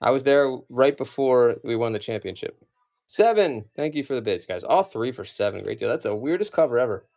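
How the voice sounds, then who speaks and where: A man in his forties chats loosely while he runs a live comic auction. His voice sits in an ordinary middle pitch, and he wanders from thought to thought, full of "like" and "you know". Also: expressive, fairly quick, creaky, darkish tone. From United States. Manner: rambling and chatty, many fillers. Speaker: live-stream comic seller. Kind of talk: casual live-stream auction chat.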